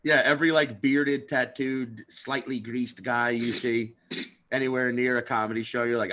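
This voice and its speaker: A man's voice: mid-range voice, steady tone, moderate pace, bright, forceful tone. A man guesting on a comedy podcast, riffing through profane, rambling rants. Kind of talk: casual comedy podcast chat.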